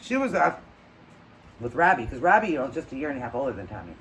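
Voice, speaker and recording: A woman hosting her own channel, telling a story in a loose, chatty way, getting louder and higher at tense moments and dropping to low murmurs between them. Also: fast talker, slight background noise, low-quality recording. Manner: animated retelling with acted quotes, trailing off into low murmurs. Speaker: channel host. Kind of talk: casual storytelling while eating.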